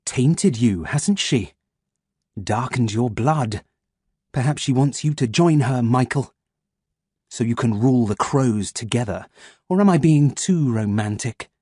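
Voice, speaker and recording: Brief: husky, silky villain scientist, taunting and mock-gentle, read by a man. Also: mid-range voice, lively intonation, a little slow, no echo, clean studio sound. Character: menacing scheming male scientist villain.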